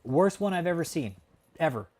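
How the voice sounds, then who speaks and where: A man's voice: on the high side, expressive, normal speed, darkish tone. Heated, profane man hosting a livestream. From California. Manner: heated, profane, emphatic, ends phrases with "man". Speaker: livestream host. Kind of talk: casual livestream chat. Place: home in Texas.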